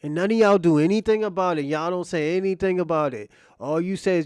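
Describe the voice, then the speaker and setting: Fast and high-voiced, this male livestream host has a darkish yet clean tone, captured in a dry recording with clean studio sound. His rant to chat is mocking and provocative, full of profanity, repetition and restarted phrases.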